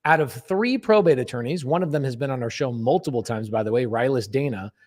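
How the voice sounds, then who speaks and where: A man's voice: medium pitch, a little fast, a little mellow. A man hosting a podcast, telling a story in a blunt, emphatic way and swearing freely. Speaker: podcast host. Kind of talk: casual storytelling.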